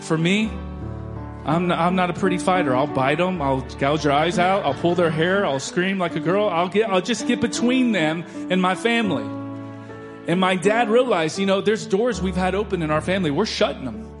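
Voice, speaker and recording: A man preaching a sermon, swinging from loud declarations to soft storytelling. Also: high voice, moderate pace, music in the background. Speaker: pastor.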